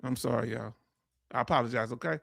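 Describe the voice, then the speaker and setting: A man's voice: medium pitch, fast talker, gravelly, fairly bright tone, no room sound, clean studio sound. A middle-aged man, hosting a casual livestream and ranting bluntly while answering chat. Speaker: veteran livestream host.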